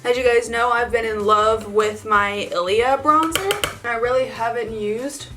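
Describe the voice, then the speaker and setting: A woman's voice: on the high side, unhurried, bright, forceful tone, soft background music. Chatty, gushing woman beauty vlogger. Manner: chatty and gushing, lots of "like" and laughs. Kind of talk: casual makeup tutorial chat.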